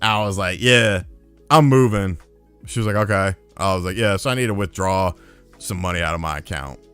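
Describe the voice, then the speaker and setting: A man casually telling a profane story on a live stream, getting loud and heated when he retells a fight. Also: low voice, moderate pace, smooth, soft background music. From lived in North Carolina.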